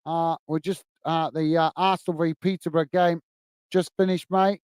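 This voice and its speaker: A man's voice: on the high side, little pitch movement, moderate pace, darkish tone, clear, resonant tone, no room sound. A man from the UK hosting a football livestream, giving live match commentary and chatting with viewers, full of fillers and calling everyone mate. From United Kingdom.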